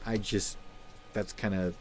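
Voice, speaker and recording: A man hosting a casual livestream, talking in a subdued, halting way with many fillers while feeling sad. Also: fairly low pitch, level tone. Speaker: livestream host.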